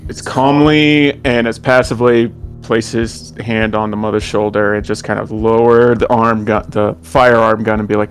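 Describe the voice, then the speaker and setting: A man's voice: on the low side, fairly even intonation, moderate pace, soft background music. A man playing a tabletop game, asking questions and stumbling over his words. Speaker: player. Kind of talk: casual tabletop play.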